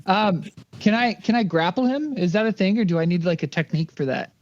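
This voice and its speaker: A man playing a tabletop game, hesitant and stumbling, swearing freely as he works out his moves. His voice is notably high, recorded on a dull, lo-fi mic with no room sound. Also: animated, brisk, darkish tone, dry recording. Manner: hesitant, swears a lot, stumbles over words. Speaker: player. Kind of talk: casual tabletop play.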